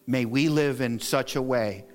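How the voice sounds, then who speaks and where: A middle-aged male pastor delivers a sermon in a church sanctuary. He speaks earnestly in a mid-range voice, counting off practical points and pushing his pitch upward for emphasis. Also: a little slow, soft background music. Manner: earnest and exhorting, lists points, rises in pitch to stress them.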